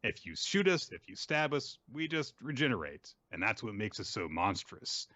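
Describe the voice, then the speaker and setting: A cruel, smug werewolf villain sneers and brushes everyone off, as a man puts on the voice. The voice is low and swings widely in pitch. The sound is dry and slightly dull. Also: sing-song, moderate pace, sharp tone, dry recording, full character voice. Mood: gloating. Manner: sneering and offhand.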